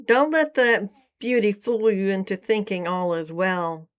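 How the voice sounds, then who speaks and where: A woman voicing a wary middle-aged male traveler who gives quiet, guarded warnings in a storybook reading. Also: medium pitch, lively intonation, unhurried, clear, resonant tone, lightly acted.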